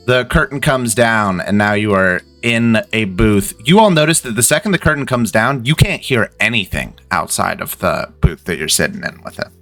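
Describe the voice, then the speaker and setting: A man's voice: fairly low pitch, expressive, normal speed, few pauses, a bit bright, faint music behind. A man narrating as game master, casual and swearing freely.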